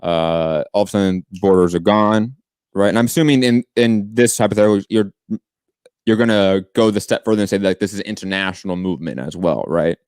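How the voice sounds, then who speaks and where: A man with a low, smooth, resonant voice argues in a podcast debate. He presses his point with long, winding questions. The sound is dry and close. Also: brisk, a little mellow, dry recording. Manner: probing, pushes back with questions. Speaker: podcast co-host. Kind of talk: political debate.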